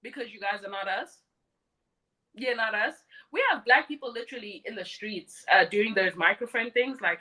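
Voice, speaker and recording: A woman's voice: mid-range voice, moderate pace, pushed and bright, poor audio. A woman in her thirties hosting a live stream, blunt and mocking as she talks and mimics others. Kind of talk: opinionated live stream monologue.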